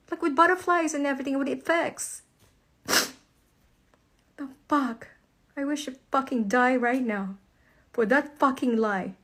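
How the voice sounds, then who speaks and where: Crying, a woman with a high-sitting voice speaks straight to camera at normal speed about her marriage falling apart. Her emotional monologue breaks into angry, profane, tearful outbursts.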